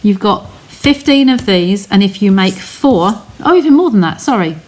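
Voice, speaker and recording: A woman's voice: mid-range voice, lively intonation, moderate pace, a little mellow. A woman hosting a live craft stream from her home studio, explaining each step in a chatty way and talking to her viewers.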